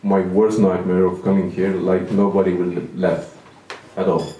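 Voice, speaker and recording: A man's voice: low-pitched, little pitch movement, measured pace, mellow, far from the mic, a little hiss or hum. A man in his thirties doing a stand-up comedy set, self-deprecating and rambling with restarts, in a small venue. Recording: echoey room, mic from afar.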